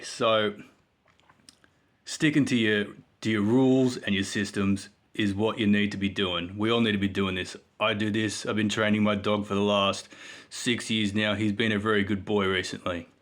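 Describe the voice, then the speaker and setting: A man's voice: lowish voice, level tone, moderate pace. A man giving a rambling, jokey self-help monologue for his vlog. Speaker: vlogger.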